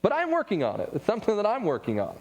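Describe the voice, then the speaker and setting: A man giving a casual church class talk, telling stories with quick asides and laughs. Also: sits high, wildly swooping pitch, darkish tone. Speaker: Bible class teacher. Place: church room. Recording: long hall reverb.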